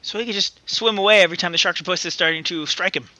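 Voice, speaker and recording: A man's voice: sits high, rapid-fire, bright, forceful tone. A man in casual podcast chat, joking and tossing in wry asides. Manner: jokey, tosses in wry quips.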